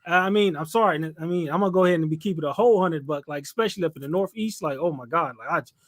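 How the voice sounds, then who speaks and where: A man from California in a casual podcast discussion, animated, blunt and opinionated, laughing often. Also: on the high side, rapid-fire. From California, United States.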